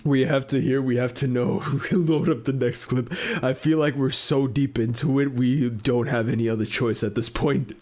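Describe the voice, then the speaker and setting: A male streamer doing live reaction commentary, excitable and profane, out of breath from laughing. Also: mid-range voice, moderate pace, hardly any pauses.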